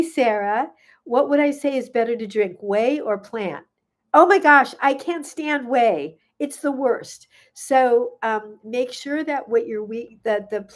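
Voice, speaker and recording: A woman's voice: medium pitch, a little mellow. An older woman, a gut health coach, chatting casually on a live stream, answering viewer questions with frequent fillers and laughter.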